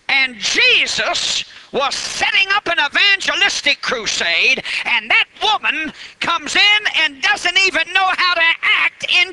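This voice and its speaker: A man's voice: extremely high pitch, pushed and bright, rough recording. A man preaching a live revival sermon at a church meeting, fiery and emphatic, stretching key words out.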